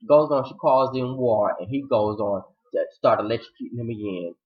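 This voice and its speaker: A man giving an animated recap of a TV episode, acting out the characters' lines with sudden high-pitched outbursts. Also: fairly quick, few pauses, highs cut off. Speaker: TV episode reviewer.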